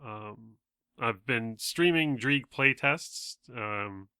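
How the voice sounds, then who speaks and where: A man guest on a podcast, talking casually and haltingly with many pauses. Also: mid-range voice, expressive, bright, forceful tone, smooth, no room sound, clean studio sound. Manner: hesitant, full of ums and restarts. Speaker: podcast guest, game developer. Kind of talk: casual chat.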